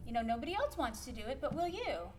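A chatty woman with a Minnesotan accent teaches a piano workshop, leaning on words to show emphasis. Her voice sits high. She is caught from a distance, with faint noise around her. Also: big pitch swings, fast, a little mellow. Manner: chatty, laughing asides, demonstrative emphasis. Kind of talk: workshop lesson on piano playing.

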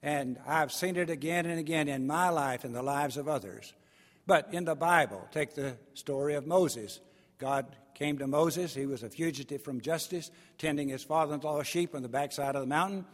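A man's voice: on the high side, moderate pace, long reverb tail. A man preaching a sermon, telling stories in a folksy way and acting out the voices of the people in them.

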